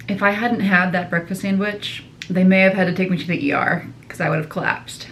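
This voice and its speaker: A woman's voice: on the low side, steady tone, brisk, fairly bright tone, slight background noise, rough recording. Chatty woman vlogging her day. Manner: chatty, talks straight to viewers. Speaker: outpatient dietitian vlogger. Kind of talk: casual vlog chat.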